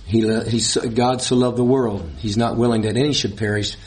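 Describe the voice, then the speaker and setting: A man's voice: medium pitch, steady tone, normal speed. A man preaching a sermon, reading scripture and stressing points with repeated words and short laughs.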